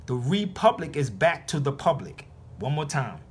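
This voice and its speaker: Husky, emphatic man lecturing. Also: a little high, very animated, normal speed. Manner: emphatic, preachy, repeats his points. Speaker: internet radio host. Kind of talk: live streamed lecture.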